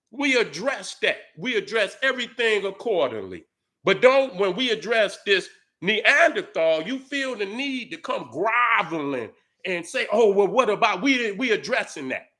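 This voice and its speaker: A middle-aged man giving heated, profane commentary to his viewers, angrily shouting back at commenters. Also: high voice. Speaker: YouTube commentator.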